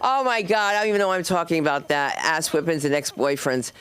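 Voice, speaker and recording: A middle-aged stand-up comic with a deep, slightly bright, clean-toned voice hosts a comedy open mic, talking at a quick pace. Her loose set drifts from story to story as she acts out the people in them, heard through a handheld mic on a club stage.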